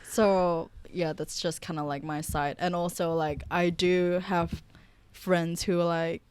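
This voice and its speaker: Woman from Malaysia, lowish voice, dry sound, candid and chatty. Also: flat delivery, a little slow, darkish tone, clean tone, no echo. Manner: candid, laughs often. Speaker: photographer, guest. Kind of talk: casual chat.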